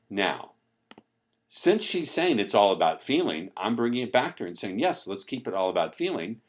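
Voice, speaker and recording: Guy coaching over a screen share, lowish voice, punchy and repeats stuff for effect. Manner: emphatic, repeats key phrases for effect. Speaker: dating coach. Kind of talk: screen-share tutorial commentary.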